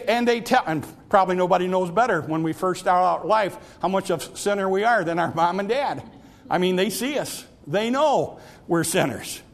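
A man preaching a sermon, repeating and stretching key phrases, sometimes sinking to a hush and sometimes rising to a cry. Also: high voice. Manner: drawn-out emphatic phrases, dropping to near whispers; repeats phrases and stumbles on restarts.

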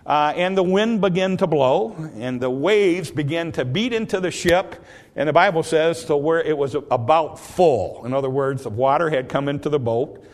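A pastor delivering a sermon in a somewhat high voice for a man. He retells the story in a relaxed, folksy way, full of fillers and restarts. Now and then he bursts out with loud, dramatic quotes. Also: normal speed.

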